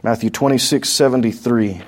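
Speaking at a normal pace in a steady, medium-pitched voice, an adult pastor with a New Mexican accent leads a Bible study. He reads scripture aloud, explains it in plain terms, and asks the congregation questions.

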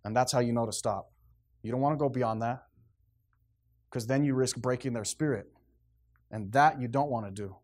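A man's voice: medium pitch, normal speed, pauses often. A man preaching a sermon in a stern, emphatic, plainspoken way, repeating phrases to drive his points home.

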